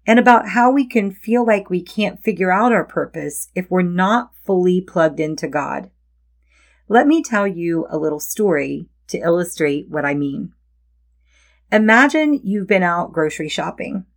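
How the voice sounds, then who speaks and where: A middle-aged woman hosting a devotional podcast as a Christian life coach, talking in a gentle, encouraging, reflective way. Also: fairly low pitch.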